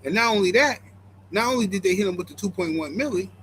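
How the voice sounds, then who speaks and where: A man with a fairly high voice hosts a boxing reaction stream. He talks bluntly and mockingly straight to his viewers. A faint noise sits under his voice. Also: expressive, quick pace, fairly bright tone, low-quality recording. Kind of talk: casual live-stream commentary.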